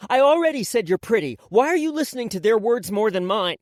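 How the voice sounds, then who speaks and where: A woman's voice: on the low side, big pitch swings, a little slow, darkish tone, no echo, studio quality. A woman voicing a teasing, protective eleven-year-old boy in an audiobook, blunt and playful.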